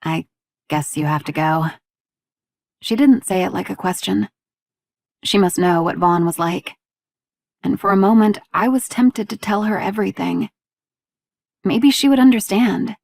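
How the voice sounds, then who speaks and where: Woman reading a mystery audiobook, bit of vocal fry, dry close sound. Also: medium pitch, normal speed, long pauses, darkish tone, no echo. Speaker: audiobook narrator. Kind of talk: scripted narration.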